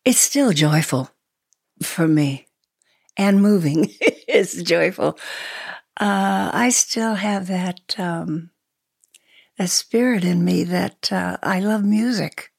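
Older woman guest, eighties, husky and slow, soft-spoken, gravelly edge. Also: fairly low pitch, no echo. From Sweden. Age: 80s. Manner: soft-spoken, halting, laughs often. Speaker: interview guest. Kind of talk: reminiscing conversation.

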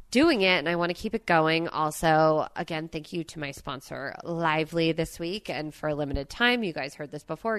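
A woman hosting a podcast in casual chat, bubbly and warm with her guest, reading a sponsor ad. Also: lowish voice, no room sound. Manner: bubbly, reads ad copy and spells out web addresses. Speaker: podcast host. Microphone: podcast mic.

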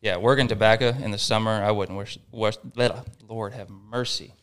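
A young man with a smooth, resonant voice that sits on the low side. He tells stories in a relaxed, folksy way, chatting as a guest on a podcast. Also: normal speed. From Western Kentucky. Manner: laid-back storytelling, folksy. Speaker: college baseball coach, guest. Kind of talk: casual podcast chat.

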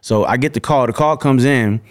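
A male podcast guest with an average-pitched voice. He tells anecdotes casually and with energy, often acting out what people said. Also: a little fast. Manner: animated, acts out voices. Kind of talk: casual storytelling.

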